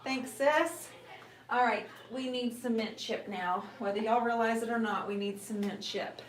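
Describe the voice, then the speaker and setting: Woman host, middle-aged, upbeat encouraging chat to viewers, a bit high, roomy echo. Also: a little slow. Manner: warm, encouraging, calls viewers sister and honey. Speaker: painting show host. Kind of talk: live painting stream chat. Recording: echoey room with faint noise.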